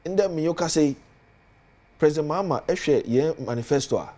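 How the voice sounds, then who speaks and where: A man's voice: a little high, lively intonation, brisk, warm tone. A man with a Ghanaian accent, a politician guest on a studio talk show, speaking earnestly and building emphasis as he lists points.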